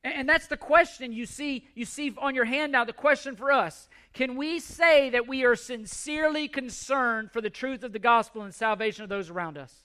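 A man's voice: very high-pitched, moderate pace, few pauses, pushed and bright, clean tone. A middle-aged man preaching a sermon, earnest and pleading, often repeating words as he restarts. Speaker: pastor.

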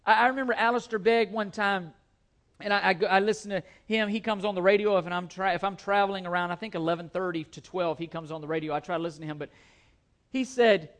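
A man's voice: high-pitched, fairly bright tone. A man preaching a sermon to his church, earnest and emphatic, often repeating his key phrases. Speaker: pastor. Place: church sanctuary.

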